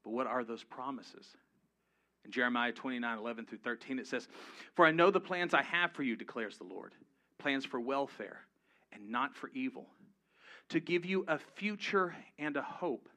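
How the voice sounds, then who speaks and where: Man, pastor, sermon, humorous, emphatic, forceful tone. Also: medium pitch, lively intonation, normal speed. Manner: conversational, humorous, rising to emphatic peaks. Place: church before a live congregation.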